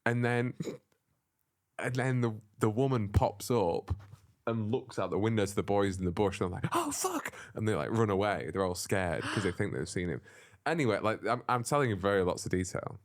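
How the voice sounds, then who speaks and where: A man's voice: lowish voice, moderate pace. A man co-hosting a comedy podcast, rambling through an improvised story and slipping into silly character voices. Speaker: podcast co-host.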